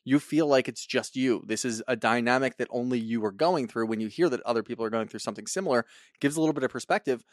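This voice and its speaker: A man's voice: medium pitch, quick pace, dry recording, studio quality. A man co-hosting a casual recap podcast, talking bluntly with lots of swearing. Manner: blunt, profane, emphatic. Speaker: podcast co-host.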